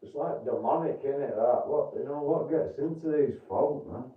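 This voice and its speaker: Yorkshire man, livestream host, blunt and sweary with chat, mid pitch, roomy slightly muffled sound. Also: moderate pace. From Doncaster, Yorkshire, England. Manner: blunt, swears freely, chats to viewers by name. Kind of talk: casual livestream chat with viewers.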